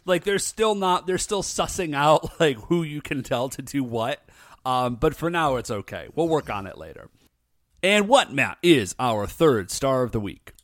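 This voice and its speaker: A man's voice: medium pitch, a little slow, dry recording, clean studio sound. A man, a father of toddler twins from the United States, co-hosting a podcast in a casual chat and telling stories with animation and frequent laughter. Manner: animated storytelling, laughs often. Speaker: podcast co-host.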